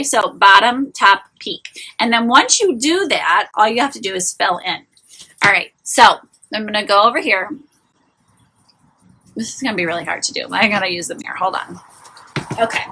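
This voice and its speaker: Bright, breathy chatty woman in her forties. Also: on the high side, low-quality recording. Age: 40s. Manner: chatty, confiding, full of "like" and restarts. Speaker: beauty vlogger and shop owner. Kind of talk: casual live-stream beauty tutorial. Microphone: phone or camera close up, live stream.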